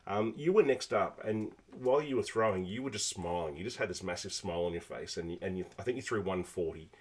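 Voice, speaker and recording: A man hosting a casual interview, relaxed and chatty as he asks questions. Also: deep voice, fast, husky. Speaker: interview host.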